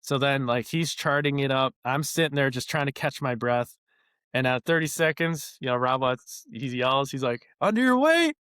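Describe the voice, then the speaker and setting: A young man telling stories as a podcast guest in a casual, animated, rambling way with many fillers. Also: mid-range voice, normal speed, smooth, no echo, clean studio sound. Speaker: former baseball player guest.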